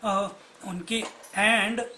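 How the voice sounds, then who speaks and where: A man, a swami teaching scripture in an explanatory, storytelling lecture with frequent pauses. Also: high voice, fairly even intonation, bright, forceful tone, slight background noise, poor audio.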